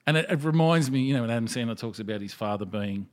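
A man's voice: medium pitch, expressive, fast talker. A middle-aged man, chatting casually, easygoing and swearing freely. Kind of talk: casual chat.

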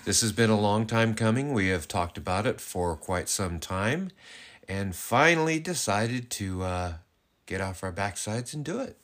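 A man's voice: fairly low pitch, animated, unhurried, a bit bright. A middle-aged man co-hosting a podcast, telling stories in casual chat with lots of fillers and laughter. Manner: laughing, full of fillers and restarts. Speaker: podcast co-host.

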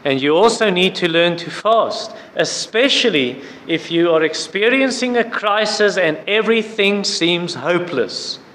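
A man preaching a sermon, earnestly urging prayer and fasting and citing scripture as he goes. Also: high-pitched, expressive, a bit bright. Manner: earnest, repetitive exhortation with scripture references. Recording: echoey hall with faint background noise.

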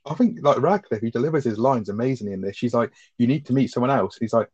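A man's voice: medium pitch, lively intonation, fast, few pauses, darkish tone, breathy edge, no room sound, dull audio. A man co-hosting a film review podcast, amused and sweary, laughing often. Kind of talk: casual chat.

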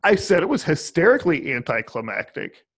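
A man interviewing in a casual conversation, with a dry, teasing, halting way of talking. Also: on the high side, big pitch swings, gravelly.

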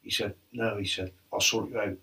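A middle-aged man telling animated football stories in casual chat, laughing often. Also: on the low side, brisk, vocal fry. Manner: laughs often, animated anecdotes, quotes others. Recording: distant mic with faint noise.

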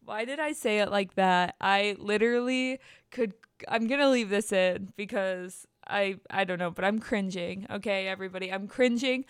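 A young woman chats alone into her podcast mic from home, open and rambling, laughing at herself as she restarts sentences. Her voice comes through smooth and clear. The room sound is dry and close, with almost no echo. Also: medium pitch, moderate pace. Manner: candid, rambling, self-deprecating with frequent restarts. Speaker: podcast host. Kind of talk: casual solo podcast chat. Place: indoors at home at her computer.

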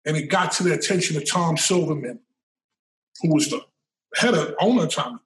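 A middle-aged man with a high voice tells a story in a loose, animated way. He curses freely and repeats words as he builds toward the point. He is recorded from a distance, in a room with a lot of echo. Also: fairly quick, slight background noise. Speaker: storyteller guest. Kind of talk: casual storytelling. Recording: roomy sound from a distant mic.

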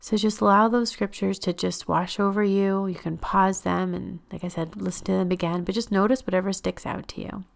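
A woman hosting a podcast, leading a guided Christian prayer meditation in a gentle, unhurried way that sometimes drops to a breathy whisper. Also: mid-range voice, steady tone.

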